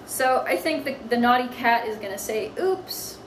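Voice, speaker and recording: A woman's voice: on the high side, steady tone, moderate pace, fairly bright tone, a little hiss or hum, rough recording. A woman teaching a lesson on writing comics, explaining patiently as if to children.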